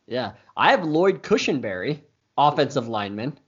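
A man's voice: mid-range voice, sing-song, moderate pace, husky, dull audio. A man co-hosting a casual sports talk show, sharing his football picks in an easygoing way. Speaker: podcast co-host.

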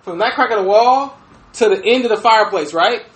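Podcast host, male, high lively voice, bright edge, animated and profane storyteller, echoey room. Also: a little fast. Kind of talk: casual chat, storytelling. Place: room with fireplace.

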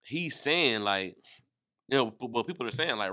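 A man doing comedic casual chat, riffing profanely and jumping into quick acted-out voices. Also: medium pitch, lively intonation, bright, forceful tone. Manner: profane, riffing, acts out bits with quick voice jumps.

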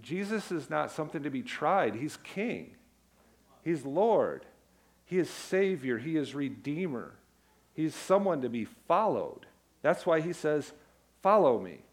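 A man's voice: a little high, big pitch swings, measured pace. A middle-aged man, a pastor, preaching a sermon in a conversational, storytelling way that builds to emphatic declarations.

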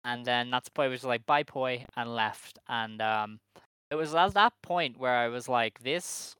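A man co-hosting a podcast talks through the week in loose, wry, rambling chat, stopping often on fillers. His voice is bright and smooth, and the sound is dry and close. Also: mid-range voice, moderate pace, dry recording, rough recording. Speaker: podcast co-host.

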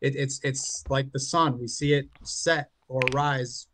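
A man arguing his side in an online debate, halting and often restarting his words. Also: mid-range voice, steady tone, a crowd in the background. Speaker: flat earth debater.

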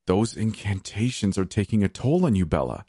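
A man's voice: lowish voice, expressive, moderate pace, dark tone, slightly rough, no echo, studio quality, pitched above the performer's own voice. A man voicing a stern, wary male sorcerer in an audiobook. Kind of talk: audiobook character voice.

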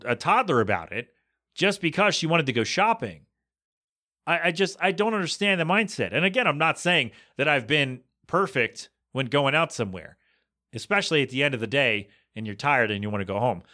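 A man on a podcast telling a rambling anecdote in a casual, animated way, acting out the people in it as he goes. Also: on the high side, brisk. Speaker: podcast co-host. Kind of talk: casual storytelling chat.

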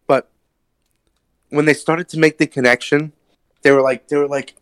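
A man's voice: a little high, steady tone, normal speed, pauses often, clean tone, no room sound. A man co-hosting a casual chat, talking enthusiastically and swearing, often asking "you know what I mean". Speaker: podcast co-host.

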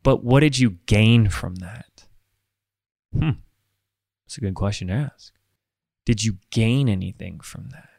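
A man hosting his own podcast, talking alone in an upbeat, chatty, animated way close to the microphone. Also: on the low side, a little slow, creaky, pauses often, no room sound. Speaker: podcast host. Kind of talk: casual solo podcast monologue.

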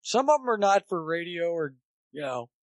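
An older man, a former college baseball coach and podcast guest, talks at normal speed in a slightly high voice with no echo. In casual chat, he tells coaching anecdotes with animation, acting out what people said.

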